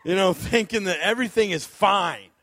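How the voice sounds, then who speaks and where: A man's voice: high-pitched, moderate pace, no echo. A man preaching as a guest speaker, telling a comic personal story with lots of laughter before turning to a sermon. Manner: animated storyteller, laughs often, acts out moments.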